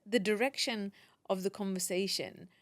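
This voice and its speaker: A woman at an ordinary pitch talks chattily as a podcast guest. She gives advice in a lively, emphatic way and circles back over her own phrases. The recording is dry and close, with no room sound. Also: normal speed, no room sound. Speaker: podcaster and teacher. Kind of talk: casual interview chat.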